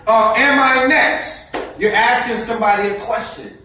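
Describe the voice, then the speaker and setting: A man's voice: very high-pitched, normal speed, bright, forceful tone, a little hiss or hum. A man giving an impassioned lecture to a gathering, preachy and fiery, firing off rhetorical questions. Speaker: speaker addressing a gathering. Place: indoor event space. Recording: echoey room, voice far from mic.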